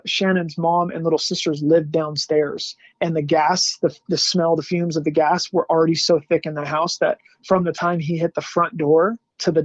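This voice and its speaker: A man's voice: a little high, no room sound. A man from Salt Lake City telling a painful personal story as a podcast guest, speaking in a candid, slangy and emotional way. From Salt Lake City, USA. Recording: dull lo-fi dry sound.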